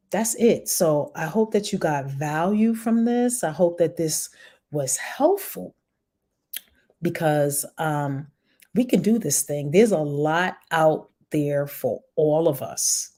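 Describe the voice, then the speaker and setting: A woman with a New York accent talks fast and chats casually, encouraging her viewers like an online business coach. Her voice sits a little low and sounds mellow and relaxed. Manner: fast-talking, encouraging, chatty. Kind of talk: casual live-stream talk to viewers.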